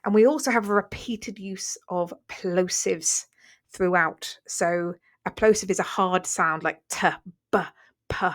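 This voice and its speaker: Teacher, woman, slightly low voice, chatty exam-revision explainer with plenty of ums. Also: fairly even intonation, measured pace. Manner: conversational, many fillers and self-corrections. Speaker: English literature teacher. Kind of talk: revision lesson, line-by-line poetry analysis.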